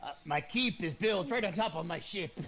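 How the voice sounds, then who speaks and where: A man's voice: high-pitched, animated, moderate pace, a crowd in the background. Man playing Krelgar, a boastful pirate. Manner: jokey, hammy. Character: boastful male pirate keep-owner.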